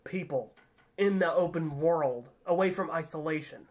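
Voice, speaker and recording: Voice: medium pitch, moderate pace, darkish tone. A podcast co-host in casual chat who eagerly explains the lore and corrects the others. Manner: explains lore eagerly, often starting with "here's the thing".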